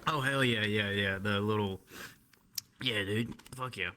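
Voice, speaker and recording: Tipsy guy on a podcast, really bright voice, laughs constantly, rambles. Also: fairly low pitch, a little slow, slight background noise. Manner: laughs a lot, rambling, crude jokes. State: tipsy from drinking. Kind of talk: casual chat.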